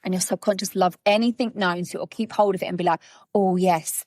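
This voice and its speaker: A woman coach in casual podcast conversation, animated and acting out little scenes as she explains. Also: mid-range voice, fast talker, dry recording, clean studio sound. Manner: animated storytelling, acting out quotes. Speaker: guest coach.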